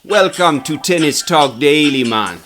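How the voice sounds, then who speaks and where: A man voicing a laid-back guy in a put-on, deliberately bad Jamaican accent, tagging lines with "man". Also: on the high side, animated, fairly bright tone, faint music behind, voice pushed up. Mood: jokey.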